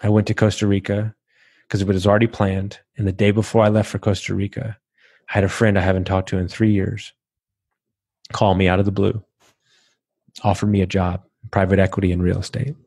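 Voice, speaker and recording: Man in his 30s, podcast host, low pitch, dry sound, rambling and raw, swears, for a confessional chat. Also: flat delivery, a little mellow, husky, no room sound. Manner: rambling, halting, swears freely. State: emotional at times. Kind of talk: candid personal storytelling.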